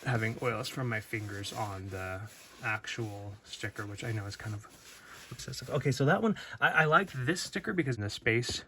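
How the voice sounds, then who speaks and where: A man's voice: mid-range voice, normal speed, sharp tone, a little hiss or hum. A man giving a casual unboxing commentary at home, rambling and playful with many fillers and restarts, recorded on a phone. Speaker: toy reviewer. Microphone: phone camera.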